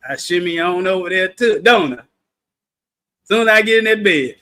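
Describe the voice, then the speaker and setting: A man leading a livestreamed Bible study in a playful, animated way, breaking into sudden shouts for emphasis and calling on listeners. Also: high-pitched, moderate pace.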